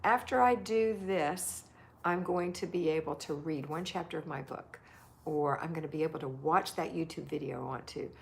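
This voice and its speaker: A woman's voice: deep voice, normal speed, creaky. A woman hosting a casual livestream, chatting affectionately and reading viewer comments aloud. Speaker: livestream host.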